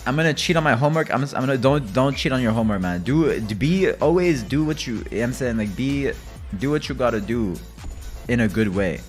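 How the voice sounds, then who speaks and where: A male game streamer talking from home in a loose, rambling way, full of swearing. He drops into low mutters, then flares up into loud rants. His voice sits at an ordinary middle pitch, with faint music playing underneath. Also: animated, brisk. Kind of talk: casual live-stream chat while gaming.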